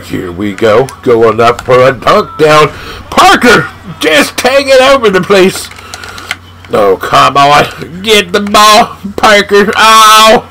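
Guy yelling at his basketball game on his channel, high gravelly voice, jumps all over the place. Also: slight background noise, poor audio. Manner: loud, hyped, yelling at the game. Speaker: gaming channel host. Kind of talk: excited live gameplay commentary. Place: home gaming room.

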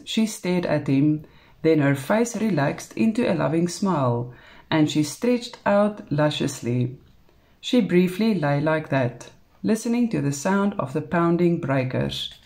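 Slow, mellow South African woman reading. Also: lowish voice. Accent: South African English. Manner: calm, unhurried narration with small slips. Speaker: storybook reader. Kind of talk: reading a novel aloud.

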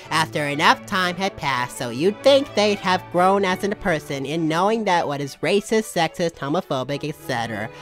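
A woman's voice: sits low, a bit bright. A young woman reading online posts aloud for comedy, dry and sarcastic, now and then bursting into mock outrage.

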